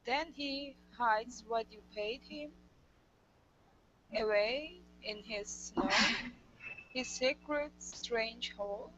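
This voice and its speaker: Female student, careful slow reader, noisy lo-fi call. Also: a little high, fairly bright tone. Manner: careful, checking pronunciation. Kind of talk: reading aloud in a lesson.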